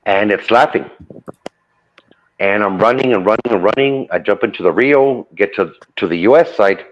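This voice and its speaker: Low-voiced man telling a spooky story. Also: normal speed. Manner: loose retelling full of "I go" and "he goes". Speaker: guest telling a true ghost story. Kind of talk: casual spoken storytelling. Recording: dull lo-fi audio.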